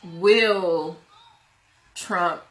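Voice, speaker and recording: A woman's voice: fairly low pitch, drawn-out words, fairly bright tone, faint music behind. A woman co-hosting a casual late-night chat, opinionated and profane, who wanders off topic and then says she digresses. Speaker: podcast co-host.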